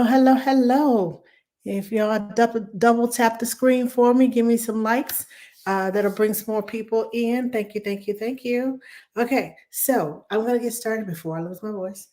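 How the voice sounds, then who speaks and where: A woman, hoarse from laryngitis, chatting warmly as she hosts a live cooking demo and greets viewers by name. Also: mid-range voice. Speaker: cooking show host.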